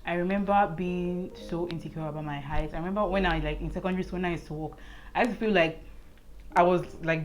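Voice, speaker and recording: A young woman vlogging to camera in her own room, chatting earnestly and saying "like" a lot. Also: on the low side. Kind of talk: casual chat to camera. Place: indoors at home, lit by a ring light.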